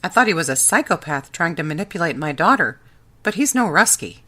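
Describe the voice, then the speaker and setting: A woman narrator voicing a gruff, shaken older father in an audiobook. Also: lowish voice, big pitch swings, fairly quick, bright, forceful tone, heavily acted. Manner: gruff, stammering.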